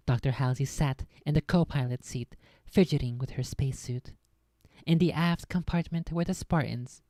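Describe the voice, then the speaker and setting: A woman's voice: sits low, warm tone, no room sound. A woman streamer reading a science fiction novel aloud, breaking off now and then for chatty, laughing asides.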